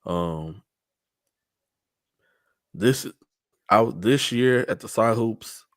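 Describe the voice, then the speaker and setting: A man with a Southern US accent hosting a casual sports talk show, relaxed and leading the segment with many fillers. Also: lowish voice, very slow, dry recording, studio quality. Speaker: host.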